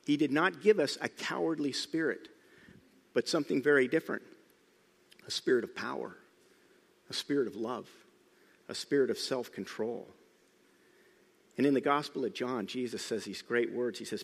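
A middle-aged man preaching a sermon, telling the story with lively emphasis, sometimes loud and sometimes hushed. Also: mid-range voice, moderate pace, gravelly, long pauses, husky. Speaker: pastor. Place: church sanctuary. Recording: church hall reverb.

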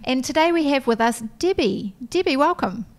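A woman hosting a casual business podcast, upbeat and quick with questions and agreeing interjections. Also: high voice, lively intonation. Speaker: podcast host.

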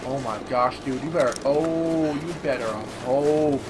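A gaming channel host swears in frustration while commenting on his gameplay, with game music and background noise behind him. His voice sits on the high side, with fairly even intonation and a measured pace.

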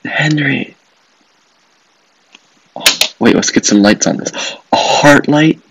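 A man's voice: mid-range voice, moderate pace, a little hiss or hum, low-quality recording. A man hosting a gaming video, commenting with sarcastic jokes and frequent laughter while he plays a mobile game. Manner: joking, sarcastic, swears, laughs often.

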